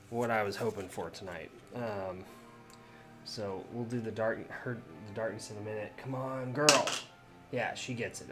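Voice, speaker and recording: A man casually playing a solo tabletop game, reading out cards and reacting aloud to his dice rolls. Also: medium pitch. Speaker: solo game player and host.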